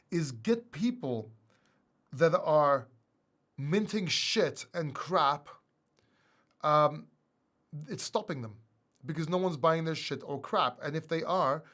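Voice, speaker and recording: A man from Greece hosting a crypto live stream, chatting casually and answering viewer questions in an animated, self-mocking way with frequent laughs. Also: fairly high pitch. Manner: animated and self-mocking, laughs often, bursts into loud acted outbursts.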